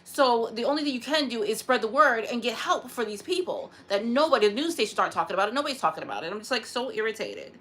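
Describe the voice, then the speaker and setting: A woman's voice: a little high, very animated, fast, few pauses, fairly bright tone. A woman talking to her vlog camera in a frustrated, upset rant, sighing and repeating herself, close to tears at times. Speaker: vlogger.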